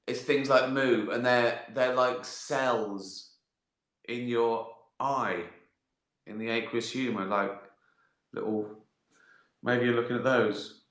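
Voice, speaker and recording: Guy rambling slow on a live stream, bright voice, echoey room, swears a lot. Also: mid-range voice, steady tone. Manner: rambling, sweary, laughs at his own jokes. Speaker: host answering viewer questions. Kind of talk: casual live-stream chat.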